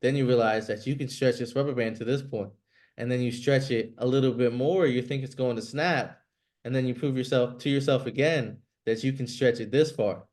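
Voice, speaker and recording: A man's voice: mid-range voice, brisk, a little mellow. Blunt motivational coach man. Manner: direct, blunt, casual swearing, filler "like".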